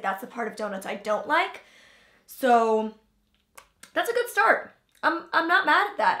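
A young woman with a fairly high, bright, forceful voice hosts a casual taste-test vlog in an echoey room. She chats loosely with lots of filler words and keeps talking between bites, even while chewing.

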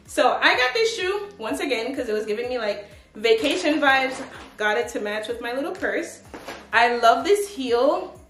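A woman's voice: high-pitched, lively intonation, normal speed, fairly bright tone. Chatty young woman, echoey room. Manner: chatty, upbeat, lots of "like" and "but yeah". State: out of breath. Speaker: fashion vlogger. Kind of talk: casual try-on haul chat. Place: home room with a tripod. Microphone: camera on a tripod.

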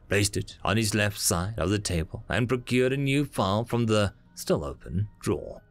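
A male narrator reading a short story with a lively, swooping intonation. His voice is recorded close and dry, with faint music running underneath. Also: fairly low pitch, dry recording. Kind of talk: scripted narration.

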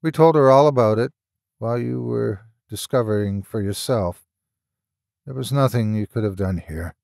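A man voicing a weary, guilt-ridden man who explains slowly and haltingly in an audiobook horror story. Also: mid-range voice, creaky, darkish tone, no echo, clean studio sound, natural voice. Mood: explaining. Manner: slow, subdued and halting.

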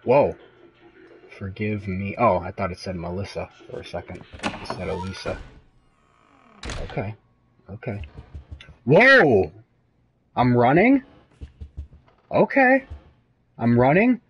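A young man commenting live on a horror game, jumpy and profane, moving between hushed muttering and high-pitched yelps. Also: very animated, unhurried, long pauses, poor audio. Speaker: gaming host playing a horror game.

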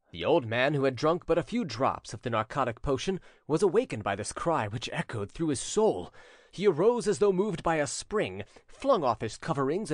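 A man narrating a classic crime story as an audiobook in a dramatic, expressive reading. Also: fairly high pitch, dry recording, studio quality. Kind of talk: scripted narration.

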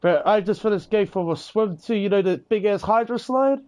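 A New Zealand man with a high-pitched, slightly mellow voice chats casually at normal speed in a game's voice chat. He rambles, swears freely, and keeps adding "eh" and "bro" in his New Zealand accent.

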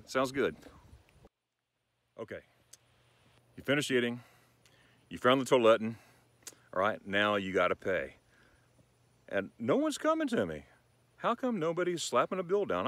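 A man hosting a casual vlog lesson on ordering food in German, talking in a playful, enthusiastic way and slowing down for the German phrases. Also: lowish voice, a bit bright. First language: English. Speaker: channel host teaching German phrases.

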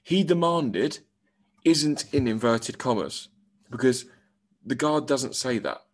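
A man's voice: medium pitch, lively intonation, slow pace. A male primary school teacher giving a recorded English lesson, explaining step by step and reading example lines aloud.

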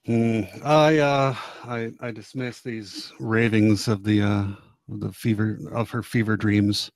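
A man's voice: fairly low pitch, little pitch movement, a little slow, dry recording. A man playing in a tabletop game, chatting casually and explaining the plot. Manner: chatty, explains things, fillers. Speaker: player.

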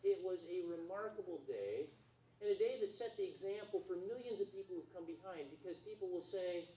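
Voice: medium pitch, a little fast, warm tone. A pastor giving a sermon in a conversational way, quizzing the congregation as he goes. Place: church sanctuary. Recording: roomy church hall from far off, faint noise.

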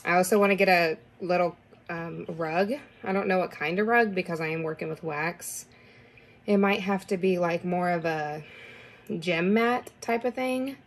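A young woman with a fairly low voice talks casually as she walks through her basement workspace. She rambles and is full of fillers. She sounds slightly out of breath. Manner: chatty, rambling, lots of fillers. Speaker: candle business owner. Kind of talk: casual vlog studio tour. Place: basement studio.

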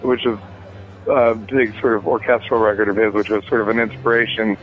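A man's voice: fairly low pitch, level tone, a little fast. A man talking casually about his music as an interview guest, rambling with many fillers and restarts. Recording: tinny phone line.

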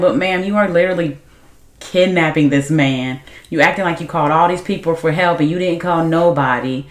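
A woman's voice: sits low, reverberant. Outspoken woman reacting to a movie. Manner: loud, outspoken, laughs a lot, talks straight to viewers. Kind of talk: casual reaction commentary to viewers.

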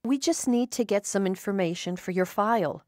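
A woman voicing a calm, kind psychologist who speaks gently and reassuringly. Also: mid-range voice, moderate pace, no room sound, studio quality, natural voice. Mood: gentle.

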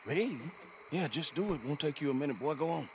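An actor playing gruff male outlaws in video game dialogue, heard from the game's audio. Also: on the high side, expressive, fairly quick, background noise. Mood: urging. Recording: game audio under a loud stream.

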